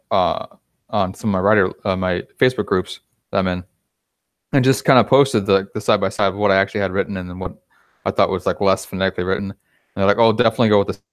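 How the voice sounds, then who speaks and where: A man with a deep voice hosts a loose interview, rambling through his stories and laughing easily. The sound is dry and close to the mic. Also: no echo. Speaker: podcast host. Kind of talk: casual interview chat.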